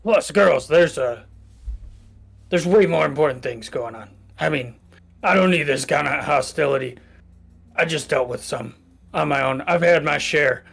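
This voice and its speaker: Man playing a brash hungry gator, gravelly, bright edge, faint music behind. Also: fairly high pitch, unhurried, heavily acted. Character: gator mutant, hungry, brash swaggering male.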